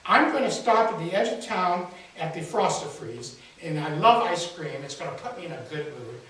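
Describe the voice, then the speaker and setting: A man voicing a gloomy, complaining man who sees the dark side of everything, recorded from a distance in an echoey hall with faint hiss. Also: sits high, expressive, moderate pace. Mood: hopeful. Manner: griping, world-weary.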